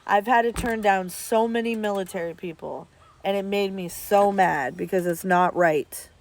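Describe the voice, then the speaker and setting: A woman's voice: medium pitch, moderate pace, creaky. A woman, chatting casually and bluntly to her viewers as a streamer, swearing freely. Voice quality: blunt and profane, talks straight at viewers. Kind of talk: casual chat.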